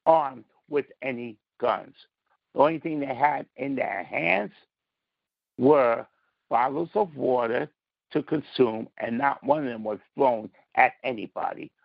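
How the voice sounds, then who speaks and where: A man's voice: mid-range voice, slow pace, gravelly, dry recording, muffled recording. A man calling in to a political podcast, talking in a combative, emphatic way and stressing his words. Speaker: caller. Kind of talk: call-in political commentary.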